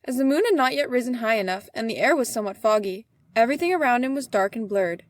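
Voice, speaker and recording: Woman, storybook reading, fairly high voice, dry sound. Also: expressive, quick pace, dry recording.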